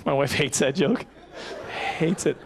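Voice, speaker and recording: A man in his forties doing animated, self-mocking stand-up comedy at a banquet, on a handheld microphone. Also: a little high, measured pace, gravelly. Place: banquet hall stage.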